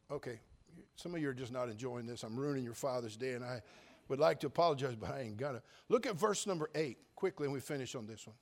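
An older man preaching a sermon, folksy and joking, telling stories and rising into loud preaching at times. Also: medium pitch, expressive, quick pace. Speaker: pastor.

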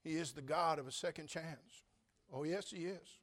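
A man preaching a sermon, telling his own story with humor and big swings between loud and quiet. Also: fairly high pitch, normal speed. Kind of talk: sermon testimony.

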